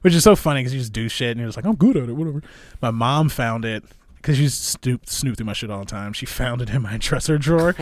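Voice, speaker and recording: A man's voice: mid-range voice, quick pace. A young man from Illinois, a comedy club manager guesting on a podcast, telling stories in a loose, profane way, often laughing and acting out other people's voices. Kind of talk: casual storytelling.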